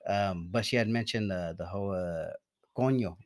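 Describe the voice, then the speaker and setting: A man's voice: low voice, moderate pace. A young man chatting casually on a podcast, rambling and swearing, often trailing off and laughing between thoughts. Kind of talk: casual chat.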